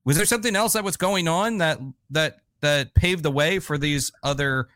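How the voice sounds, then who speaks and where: A man's voice: a little high, normal speed, a bit bright, no room sound, studio quality. A man hosting a casual interview and asking long, thoughtful, rambling questions. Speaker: interview host.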